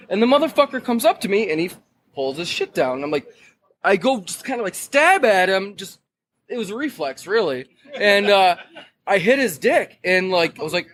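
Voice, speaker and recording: A man's voice: sits high, a little fast, a little hiss or hum, low-quality recording. A young man from Detroit, a podcast guest telling a wild story in casual, profane talk. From Detroit, Michigan. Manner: profane, animated storyteller, loud when acting out shouts.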